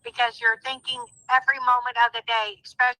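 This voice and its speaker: A woman's voice: fairly high pitch, level tone, fast talker, bright, forceful tone, no room sound, rough recording. A woman speaking as a guest in a phone interview, emphatic and heartfelt, often repeating herself. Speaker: guest, sister of a crime victim.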